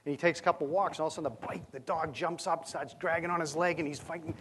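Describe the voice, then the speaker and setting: A man's voice: a little high, steady tone, quick pace, fairly bright tone, a little hiss or hum. A man giving a conference presentation on stage, talking conversationally with plenty of fillers and a light touch of humor. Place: stage under bright lights.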